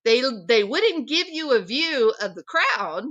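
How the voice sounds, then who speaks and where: Woman host, sarcastic opinion monologue, bright and lively pitch, unhurried. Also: lo-fi sound. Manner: sarcastic, mocking impressions. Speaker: commentary channel host.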